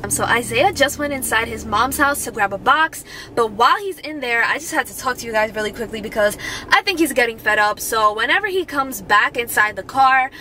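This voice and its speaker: A woman's voice: a little high, lively intonation, brisk, pushed and bright, slight background noise, poor audio. A young woman doing a casual prank vlog in and around a parked car, teasing and giggly. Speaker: vlogger pranking her boyfriend.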